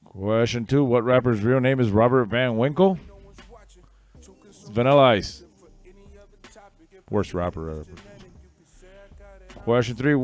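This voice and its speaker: A man runs an online trivia night from home, reading out questions and answers. He drifts into casual, rambling asides between them. Soft music plays faintly underneath. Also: mid-range voice. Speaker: trivia host. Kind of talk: casual livestream trivia hosting.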